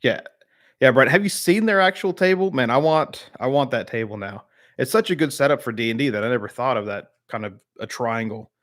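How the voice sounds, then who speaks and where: A man's voice: medium pitch, a little fast, a bit bright. A man from the American South hosting a casual live-stream chat, rambling with many fillers and replying to viewers by name. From Southern United States.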